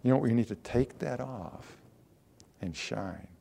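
A man's voice: lively intonation, measured pace, creaky, warm tone, husky. Man preaching, reading scripture dramatically. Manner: reads scripture aloud with dramatic quoted lines, then drops low and earnest. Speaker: pastor. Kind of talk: sermon.

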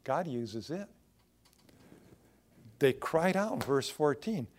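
A man's voice: fairly high pitch, lively intonation, slow, pauses often. A male pastor preaching a sermon in a conversational way, asking the congregation rhetorical questions as he goes.

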